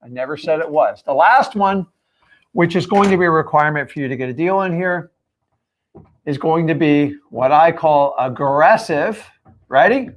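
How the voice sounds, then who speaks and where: A man's voice: fairly high pitch, normal speed. Punchy man coaching a live stream. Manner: punchy, emphatic, rhetorical questions. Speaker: real estate coach.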